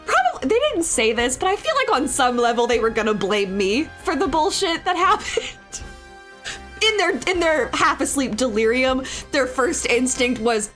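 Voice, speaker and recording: A young woman with a bright, high voice chats casually as she works on digital art. She rambles, curses freely and breaks into laughter. Soft music plays quietly underneath. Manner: chatty, rambling, swears freely, laughs often. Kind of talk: casual storytelling while drawing. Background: soft background music.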